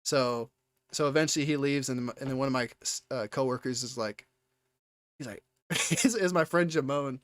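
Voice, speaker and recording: A young man streaming live, telling a story in a rambling, excitable way, with many restarts and casual swearing. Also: mid-range voice, normal speed, no echo.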